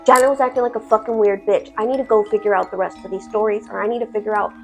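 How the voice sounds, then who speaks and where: A woman's voice: mid-range voice, steady tone, racing, gravelly, darkish tone, faint music behind, close to an everyday voice. Woman playing a frantic, insistent young woman. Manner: insistent, agitated. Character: frantic young woman moving to a new town.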